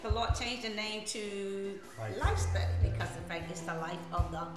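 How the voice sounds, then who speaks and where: A woman's voice: medium pitch, normal speed. A woman minister hosting a casual live stream, laughing often, repeating her words and dropping preachy asides. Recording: echoey room with music behind.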